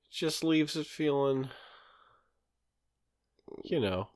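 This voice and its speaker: A man's voice: a little high, animated, takes it slowly. A man co-hosting a podcast, chatting casually in playful, rambling banter. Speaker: podcast co-host. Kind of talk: casual chat.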